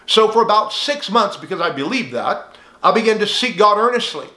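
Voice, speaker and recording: Male pastor delivering an earnest teaching sermon; high voice, roomy sound. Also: lively intonation, brisk, pushed and bright. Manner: earnest preaching, addresses listener as friend.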